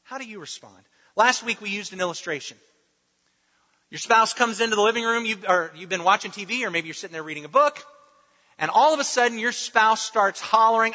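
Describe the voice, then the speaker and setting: A man's voice: high-pitched, expressive, a little fast, pushed and bright. A man preaching a sermon in an emphatic, repetitive style, with playful asides. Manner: emphatic, repeats key phrases, playful asides. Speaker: pastor. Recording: dull recording with long hall reverb.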